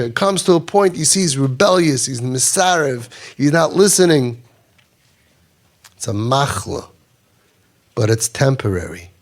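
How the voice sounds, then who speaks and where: A man giving a Torah lecture in English with an Orthodox Jewish accent, reading Hebrew quotes and explaining them with repetition for emphasis. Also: on the high side. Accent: Orthodox Jewish English with Ashkenazi Hebrew. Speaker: rabbi teaching a class.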